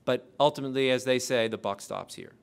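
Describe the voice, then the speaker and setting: A man lecturing a class, quizzing the audience with rapid questions. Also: medium pitch, gravelly, clean tone. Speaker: lecturer on intelligence oversight.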